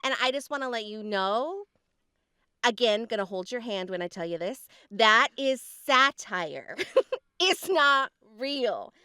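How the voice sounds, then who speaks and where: A woman from California with a Californian accent, co-hosting a podcast in a chatty, playful storytelling way with drawn-out pauses. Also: a little high, expressive, sharp tone, smooth, dry recording, studio quality. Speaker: podcast co-host. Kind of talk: casual chat.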